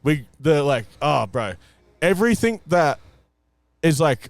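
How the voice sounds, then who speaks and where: A man's voice: fairly high pitch, sing-song, unhurried, pauses often, faint music behind. A young man co-hosting a podcast, chatting casually and laughing as he chimes into travel stories. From Australia. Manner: laid-back, laughing, chiming in. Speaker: podcast co-host.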